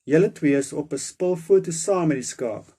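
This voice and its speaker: Stern sergeant telling kids off as a man reads him, kinda loud, warm low-ish voice, storybook. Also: animated, normal speed, husky. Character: stern grumpy male police sergeant.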